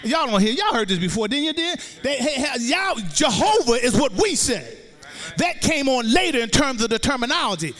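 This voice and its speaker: A very high-voiced male preacher with a bright, forceful tone, chanting his sermon in a sing-song cadence that swells into shouts. He speaks straight to the congregation and draws their answers. His voice rings through the long reverb of a big church hall. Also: sing-song, normal speed. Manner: addresses the congregation, drawing call-and-response. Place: church sanctuary.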